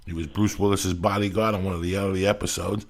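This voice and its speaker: A man's voice: sits low, little pitch movement, vocal fry. A man hosting a podcast, chatting casually with his guest, swearing freely and piling on praise and questions. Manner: profane, effusive, rapid questions. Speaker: podcast host. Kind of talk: casual interview chat.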